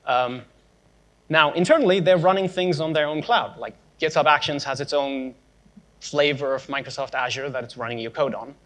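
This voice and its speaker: Guy giving a tech talk at a conference, dry sarcastic jokes, kinda high voice. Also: moderate pace, fairly bright tone. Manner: sarcastic, joking asides. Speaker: conference speaker.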